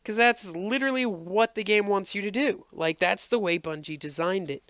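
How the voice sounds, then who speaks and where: A man's voice: sits high, moderate pace, fairly bright tone, dry recording. Exasperated man ranting over gameplay. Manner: exasperated, rambling, frequent ums. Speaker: game reviewer. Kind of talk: casual gameplay commentary.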